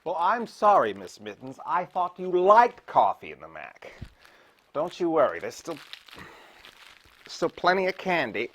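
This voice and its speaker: A man hosting a late-night movie show in comic character, fussing and swinging from mumbling asides to loud exclamations. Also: fairly high pitch, big pitch swings, a little slow, long pauses, slight background noise. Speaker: horror host.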